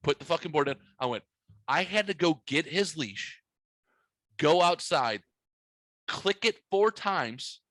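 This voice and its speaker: A man telling a story on a casual podcast, bright and forceful in tone and pitched a little high. He swears a lot and acts out his own yelling as he goes. The sound is dry and close to the mic. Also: expressive, a little slow, long pauses, no echo. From United States. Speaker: podcast host.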